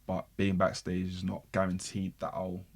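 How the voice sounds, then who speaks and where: Low-voiced man telling a story. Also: moderate pace, husky. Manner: animated, slangy, repeats words for emphasis. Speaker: podcast guest. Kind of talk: casual storytelling.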